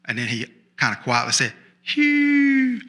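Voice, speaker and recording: Man, gravelly voice, folksy storyteller, sheriff persona, chatty audience asides. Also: medium pitch, lively intonation, normal speed, sharp tone. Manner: drawling, chatty asides to the audience, repeats for effect. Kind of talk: folksy first-person tall tale told as a small-town sheriff. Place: storytelling festival stage.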